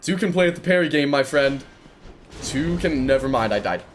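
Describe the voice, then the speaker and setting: A man in his twenties telling a rambling story while commenting on his own gameplay, chatty and excitable, breaking off to react loudly. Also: on the high side, normal speed, a little hiss or hum. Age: 20s. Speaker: gaming video creator.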